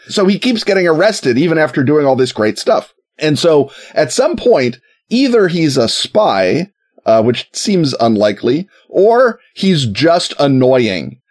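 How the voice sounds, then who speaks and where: A man's voice: medium pitch, big pitch swings, a little slow, a little mellow. Man, sarcastic, jokey history storyteller, casual podcast chat. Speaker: podcast co-host.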